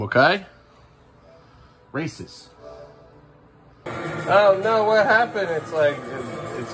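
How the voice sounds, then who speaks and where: A man in his thirties films a relaxed family vlog at home, his voice mid-pitched and fairly bright. He playfully coaxes his small children and mutters asides under his breath.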